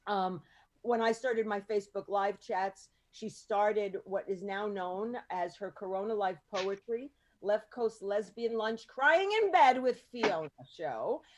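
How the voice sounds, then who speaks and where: A woman hosting a podcast panel in casual chat, talking freely with lots of ums and quick asides. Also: mid-range voice. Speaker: podcast host and producer.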